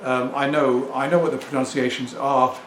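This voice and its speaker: A man's voice: medium pitch, little pitch movement, normal speed. A middle-aged man with an English accent, talking casually and at length as a record-selling vlogger, self-assured and rambling. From England. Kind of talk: casual talk to camera. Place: home room with turntable. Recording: echoey room with faint ambient noise.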